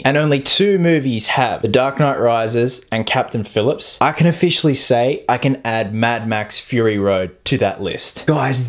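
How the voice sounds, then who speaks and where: A man giving a casual, enthusiastic and profane film review vlog on a cheap taped-up microphone. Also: medium pitch.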